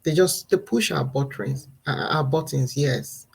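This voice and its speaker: Husky, gravelly mother talking live. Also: sits low, unhurried, low-quality recording. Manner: earnest and reflective, laughs between points. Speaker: parenting vlogger. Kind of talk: casual live-stream talk.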